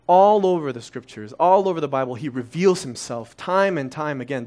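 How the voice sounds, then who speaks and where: A man's voice: on the high side, animated, normal speed, hardly any pauses, a little mellow. A man in his thirties, originally from Korea, preaching a conversational sermon full of rhetorical questions. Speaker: pastor.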